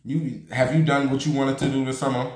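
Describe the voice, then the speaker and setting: Fast-rambling blunt man in a roomy space. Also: mid-range voice, over music. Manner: rapid excited rambling, blunt and profane. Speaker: vlogger. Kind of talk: casual chat to viewers.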